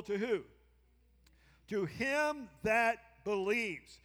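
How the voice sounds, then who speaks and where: A man with a strikingly high voice preaches a sermon to his congregation. He repeats key lines for emphasis and keeps calling on listeners to turn and respond. The sound carries a long hall reverb from the church sanctuary. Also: animated, slow pace, fairly bright tone. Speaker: pastor.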